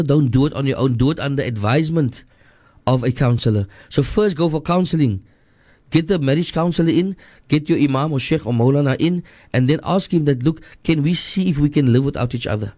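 A man's voice: medium pitch, darkish tone, dry recording. A man with a Cape Town accent, a scholar giving marriage advice on a radio call-in show, earnest and repetitive, slipping into Afrikaans. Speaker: radio guest scholar answering listener questions. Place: radio studio.

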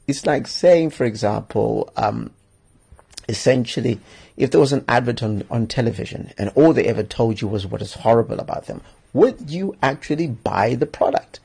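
A man's voice: mid-range voice, lively intonation, moderate pace, vocal fry, dark tone, slightly rough. A man hosting a solo podcast, giving advice in an emphatic, joking way and chuckling often. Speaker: podcast host.

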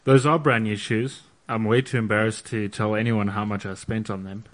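A man's voice: fairly low pitch, steady tone, moderate pace, a bit bright. A male podcast co-host who talks in a sheepish, self-deprecating way. He hesitates often and pads his sentences with ums. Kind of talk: casual podcast chat.

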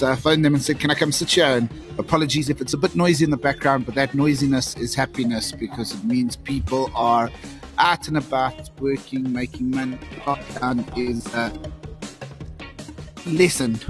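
Brief: jokey South African co-host, mid-pitched, talking from a café with clear music playing behind. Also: male voice, fairly even intonation, normal speed. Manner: jokey, upbeat, chatty. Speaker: podcast co-host. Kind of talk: casual chat. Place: busy coffee shop.

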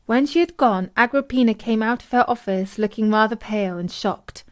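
Brief: woman narrator for a children's story, clear and measured. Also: on the high side.

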